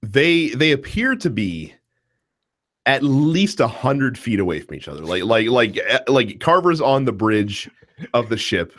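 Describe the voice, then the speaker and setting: A man co-hosting a podcast, chatting casually about a film, animated and laughing, full of fillers and restarts. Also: medium pitch, measured pace. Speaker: podcast co-host. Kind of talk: casual movie discussion.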